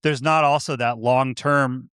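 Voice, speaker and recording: A man chatting casually as a podcast guest, with a laid-back manner and relaxed slang. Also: medium pitch, unhurried, clean tone, dry recording, studio quality. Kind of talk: casual chat.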